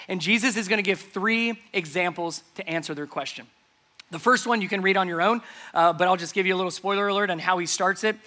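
A man delivers a sermon, walking through a scripture passage in a conversational, explaining way. His voice sits high and sounds bright and forceful. He keeps asking the listeners rhetorical questions. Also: fast. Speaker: pastor.

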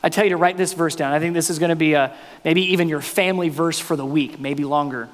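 Pastor guy giving a sermon, goes from quiet and earnest to loud and jokey, big echoey church. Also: on the high side, steady tone, quick pace. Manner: shifts from quiet earnest to loud playful bursts. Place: church sanctuary. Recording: long reverb in a hall, faint music.

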